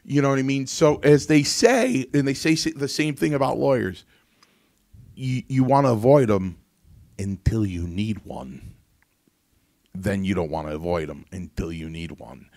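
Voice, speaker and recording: Rambling low-voiced man. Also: normal speed, a little mellow, no room sound, clean studio sound. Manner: rambling storyteller, lots of restarts. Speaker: host. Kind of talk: casual talk show conversation.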